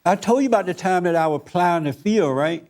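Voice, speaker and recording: A man leads a group discussion in the manner of a preacher, pressing his points hard and repeating them for emphasis. His voice sits a bit higher than most men's. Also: animated, brisk, darkish tone. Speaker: host.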